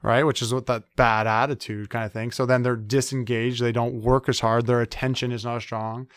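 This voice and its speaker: A man's voice: mid-range voice, flat delivery, brisk, clear, resonant tone, no echo. A man in his thirties, a sport psychologist in a conversational interview, talking with many fillers and acting out quoted complaints.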